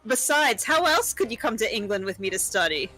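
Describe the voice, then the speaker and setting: A woman voicing a polite, earnest young female assistant, reading dialogue aloud in a lively way. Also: fairly high pitch, brisk, faint music behind, heavily acted, poor audio.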